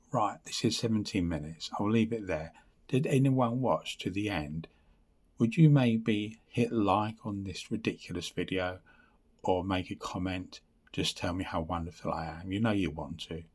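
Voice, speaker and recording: Low husky English man vlogging. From England. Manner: rambling, reading from notes, losing track; dry, blunt humour. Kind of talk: casual vlog update.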